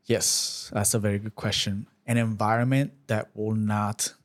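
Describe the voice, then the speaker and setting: A man's fairly low voice barely shifts in pitch as he offers an emotional testimony as a podcast guest. He is earnest but stumbling, restarting again and again.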